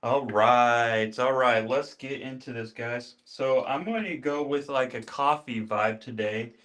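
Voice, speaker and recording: A man's voice: mid-range voice, unhurried, a bit bright. A man hosting a casual livestream, chatting with viewers while demonstrating his beard care routine, greeting people by name and repeating his phrases. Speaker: livestream host.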